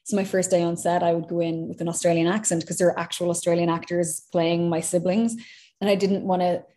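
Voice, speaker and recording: An Irish actress telling stories in a casual interview, chatty and laughing often. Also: female voice, on the low side, little pitch movement, a little fast, dark tone. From Ireland.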